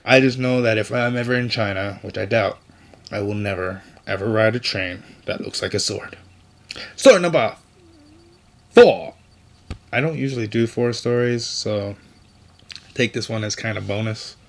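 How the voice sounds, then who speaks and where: A man's voice: fairly low pitch, steady tone, normal speed, gravelly, fairly bright tone. A man hosting an opinionated news commentary show, delivering stories with indignant, sarcastic asides.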